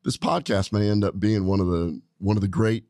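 A man's voice: fairly low pitch, fairly even intonation, fairly quick, a little mellow, no echo. A man hosting a podcast, talking in an enthusiastic, rambling way with frequent restarts, in a studio. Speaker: podcast host, doctor. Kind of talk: casual podcast chat.

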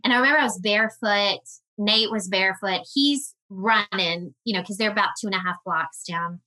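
A woman guest on a podcast, telling a personal story in an earnest, emotional way with halting restarts. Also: medium pitch, bright, forceful tone, poor audio.

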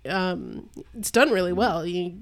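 A woman's voice: fairly low pitch, unhurried. A woman chatting casually on a podcast, laughing often and leaning on fillers. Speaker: podcast co-host. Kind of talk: casual chat.

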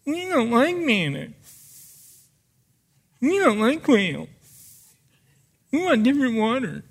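A man's voice: very high voice, big pitch swings, slow, creaky, husky, voice pushed up, heavily acted. A male preacher voicing a grumbling ancient crowd of people in a whiny, complaining tone. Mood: whining.

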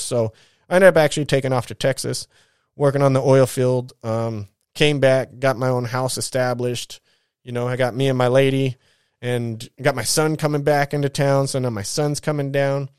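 A man's voice: mid-range voice, darkish tone, clean tone, no echo, clean studio sound. A man in his thirties telling his life story in a casual, rambling monologue, blunt and full of swearing and slang.

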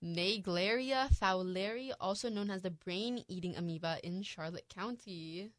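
A young woman co-hosting a casual news podcast, chatty and quick to laugh, with lots of fillers. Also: mid-range voice, dry recording. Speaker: podcast co-host.

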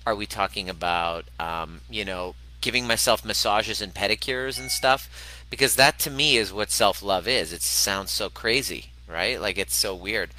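A man with a fairly low, bright and forceful voice talks at a moderate pace in a casual monologue, hosting a podcast as a relationship coach. He is candid, a little profane, and often restarts his sentences. The recording quality is low.

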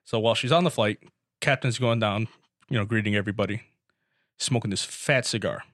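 A man's voice: lowish voice, a little fast, a bit bright, dry recording, clean studio sound. A young man in casual chat with friends, telling long rambling jokes and swearing freely. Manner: rambling joke-teller, swears a lot.

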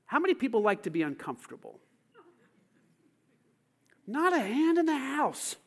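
A pastor preaching a sermon to his church, swinging from quiet, intimate lines to shouted calls for the congregation to repeat after him. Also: very high-pitched, huge pitch swings, normal speed, creaky.

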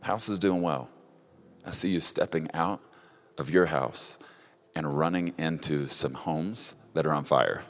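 Deep-voiced guy giving prophetic words, talks right at you, kinda halting, repeats himself, big echoey hall. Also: fairly even intonation, faint music behind. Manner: halting, repeats words, speaks warmly to one person at a time. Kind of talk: prophetic ministry, speaking directly to people. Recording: long reverb of a large hall.

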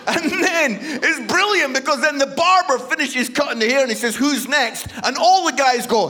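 A man's voice: very high-pitched, moderate pace, hardly any pauses. A Scottish man in his forties, a guest preacher telling a funny personal story in a sermon and acting out the dialogue. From Scotland. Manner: animated, humorous, acts out dialogue.

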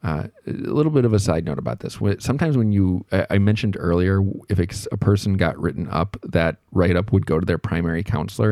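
A man with a very low voice tells a story from his own working life, looping back on himself and poking fun at himself. The sound is close and dry, with no room around it. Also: darkish tone, no echo. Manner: rambling, self-deprecating, reflective, many fillers. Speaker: podcast host telling a work story. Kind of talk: casual storytelling monologue.

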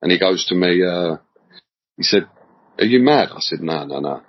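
A man's voice: low-pitched, lively intonation, normal speed, breathy edge. A middle-aged man from England, telling stories as a podcast guest in a rambling, slangy way, often repeating words. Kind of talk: casual storytelling interview. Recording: dull lo-fi audio.

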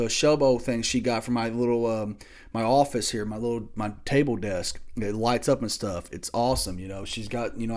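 This podcast host, recording solo in a small home studio, goes on a furious, foul-mouthed tirade about college sports, lurching from shouting to quiet muttering.

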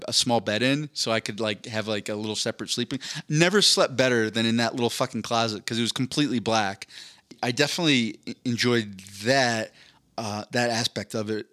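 This thirtysomething podcast co-host chats loosely, meandering through a lengthy tale full of side comments. He speaks at medium pitch, and his tone comes across fairly bright.

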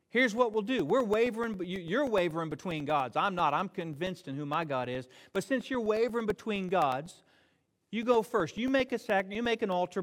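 A man preaching a sermon, telling the story in an animated, joking way and acting out the dialogue. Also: high voice. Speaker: pastor. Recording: long hall reverb.

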